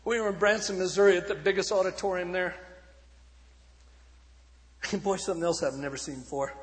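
A man preaching in a storytelling sermon style, swinging between shouted peaks and hushed passages. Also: high-pitched, fairly even intonation, fairly quick, long reverb tail. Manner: dramatic, shifting from shouts to hushed tones. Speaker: evangelist speaker.

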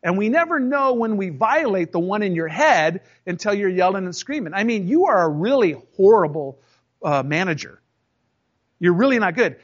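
High-voiced man telling an animated story. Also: normal speed. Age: 30s or older. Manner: animated, acts out both sides of arguments. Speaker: storyteller recounting a job. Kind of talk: casual personal storytelling. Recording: dull lo-fi recording.

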